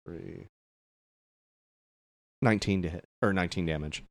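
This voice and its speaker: A man with a lowish voice plays a tabletop game in casual chat. He is eager and talks through each move aloud as he makes it. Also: measured pace. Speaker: player.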